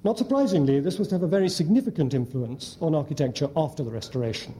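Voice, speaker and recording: A man lecturing an audience in a measured way, with frequent hesitant fillers. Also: on the high side, animated, mellow. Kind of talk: academic lecture with slides. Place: lecture hall before an audience.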